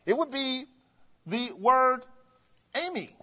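Male preacher with a very high voice, leads the crowd with call-and-answer questions, recorded dull and lo-fi in a hall with long echo. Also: expressive, slow pace, sharp tone. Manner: asks the congregation questions and has them answer; explains grammar step by step, with emphatic rises. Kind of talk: sermon teaching.

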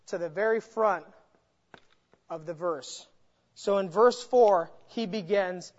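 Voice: mid-range voice, unhurried. An adult Bible teacher giving an expository lesson, stressing key words and building each point through repetition. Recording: echoey hall, dull lo-fi sound.

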